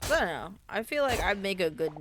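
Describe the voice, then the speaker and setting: A young woman streamer chatting casually while gaming, rambling playfully and thinking out loud. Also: medium pitch, big pitch swings, a little fast, slight background noise.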